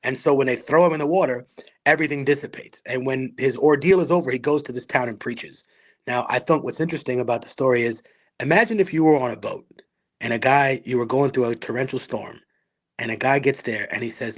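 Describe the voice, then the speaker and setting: A man's voice: mid-range voice, brisk. A man from Peru talks as a podcast guest. He speaks with passion and mixes blunt, profane asides into his storytelling. His tone stays conversational throughout. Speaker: guest, rapper and activist.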